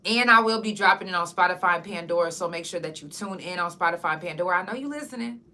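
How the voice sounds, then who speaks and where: A woman who is a podcast host and singer talks straight to camera, chatting frankly and casually with her audience and swearing freely. Her voice is on the low side, bright and forceful, and she talks fast.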